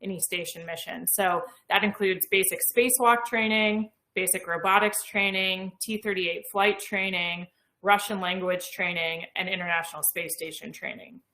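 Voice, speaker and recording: Woman, 30s, bright and enthusiastic; explains clearly in an interview, echoey room. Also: mid-range voice, fairly even intonation, moderate pace. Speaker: astronaut guest. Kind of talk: conversational interview.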